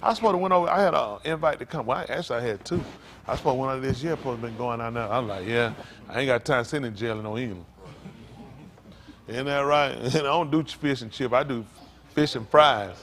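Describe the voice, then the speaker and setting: Here a pastor from the United States talks quickly in a mid-range voice over slight background noise. His sermon is loose and jokey; he laughs, ribs the congregation and repeatedly asks "isn't that right?" with animated energy.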